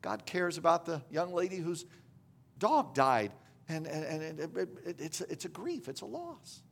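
A man's voice: on the high side, big pitch swings, a little slow, creaky. A man preaching a sermon in a conversational storytelling manner, with frequent restarts and asides.

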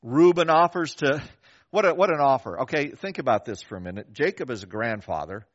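An older pastor tells a story during his sermon, conversational and animated, acting out the voices of the people he quotes. He speaks at medium pitch and a fairly quick pace, captured on a dull, lo-fi recording.

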